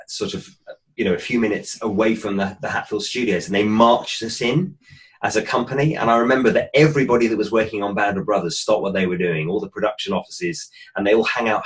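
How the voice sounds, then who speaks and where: Low-voiced man reminiscing thoughtfully. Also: steady tone. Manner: thoughtful, halting, with many restarts. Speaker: actor guest. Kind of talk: reflective storytelling.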